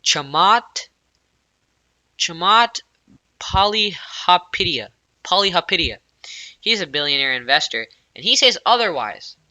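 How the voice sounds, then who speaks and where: Guy doing tech news on youtube, super bright sharp voice, rambly and hyped. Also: high voice, moderate pace. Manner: excitable, rambling, lots of fillers. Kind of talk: casual news commentary.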